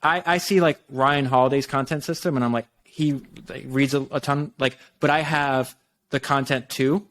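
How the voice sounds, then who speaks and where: A man podcaster in a casual conversation, telling stories in rapid, profane, run-on sentences. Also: mid-range voice, fairly even intonation, a bit bright.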